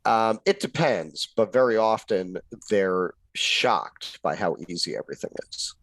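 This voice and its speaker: A man co-hosts a political podcast in a measured, musing way, often circling back on his openers. His voice is very low and the sound is dry and close. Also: animated, a bit bright, dry recording, poor audio. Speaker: podcast co-host. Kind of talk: casual political podcast chat.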